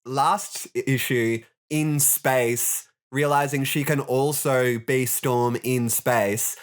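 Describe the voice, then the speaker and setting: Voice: mid-range voice, fairly even intonation, slow. An easygoing podcast co-host chatting casually about comics and laughing along.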